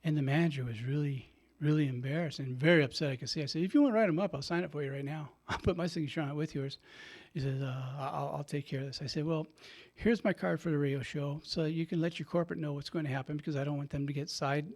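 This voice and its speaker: A man's voice: fairly high pitch, fast, a little mellow. An older man who is a priest and radio host tells a story in a chatty, casual way, laughing often and acting out what people said. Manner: chatty, laughing, acts out his own quotes. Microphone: studio microphone.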